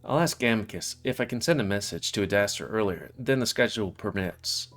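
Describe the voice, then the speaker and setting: Guy reading a visual novel out loud, lowish voice, chatty asides, faint music behind. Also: brisk. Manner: first-person narration with offhand asides. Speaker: let's player.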